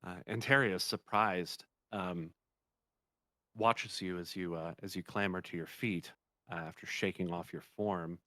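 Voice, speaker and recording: Game master, a man with a very deep voice, halting narration, dry close sound. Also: fairly even intonation, bright, forceful tone, dry recording. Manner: halting narration full of ums.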